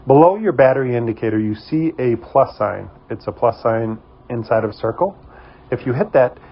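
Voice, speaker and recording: Brief: male host, New England accent, husky voice, casual tutorial delivery, dull lo-fi sound. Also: medium pitch, moderate pace. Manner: relaxed, many "um" fillers. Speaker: host of a security camera company channel.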